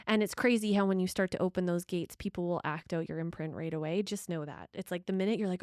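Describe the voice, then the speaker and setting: A middle-aged woman co-hosting a casual relationship talk, speaking in an animated, emphatic way and laughing often. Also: medium pitch, a little fast, clean tone, dry recording, clean studio sound. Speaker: podcast co-host.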